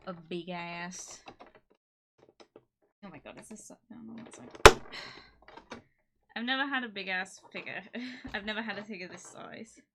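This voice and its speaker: Bright-voiced giggly woman streamer. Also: medium pitch, a little hiss or hum. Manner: excitable, giggly, rambling with many fillers. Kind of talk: casual live-stream chat.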